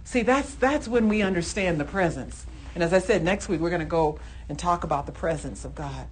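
A low-voiced woman leads an informal Bible study over a noisy line. She speaks fervently, often breaking into exclamations as she teaches. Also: brisk.

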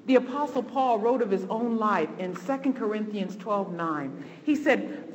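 A woman delivers a heartfelt sermon, her voice sinking low and then surging with emotion. The sound carries the long reverb of a large hall. A faint hum of room ambience sits underneath. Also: lively intonation, moderate pace, few pauses. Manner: impassioned, swinging between hushed and rising. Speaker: preacher.

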